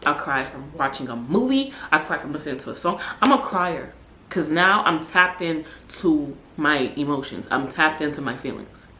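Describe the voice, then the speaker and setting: A young woman with a low voice hosts her podcast in a loose, emphatic monologue, stacking repeated words for stress and slipping into slang. She sounds like she is in an echoey room. A faint hum runs underneath. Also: animated, normal speed, sharp tone. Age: young adult. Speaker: podcast host. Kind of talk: casual motivational monologue.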